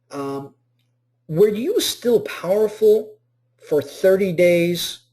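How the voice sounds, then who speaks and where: Male instructor, motivational lecture, animated delivery, warm and mellow. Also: fairly high pitch. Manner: animated, rhetorical questions, acts out scenes. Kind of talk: online class lecture.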